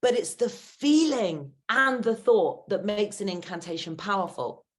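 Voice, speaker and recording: A woman's voice: mid-range voice, animated, measured pace. A woman, a guest speaker and confidence coach talking earnestly and encouragingly in a podcast interview. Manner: earnest, encouraging, acts out inner voices.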